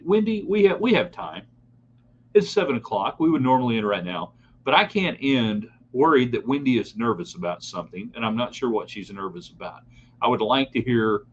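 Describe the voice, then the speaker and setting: A middle-aged man hosts a live sports talk show, opinionated and talking straight to his listeners. His voice sits at an ordinary pitch. The sound is a bit dull, with a faint hum behind it. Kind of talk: live sports talk broadcast reading chat comments.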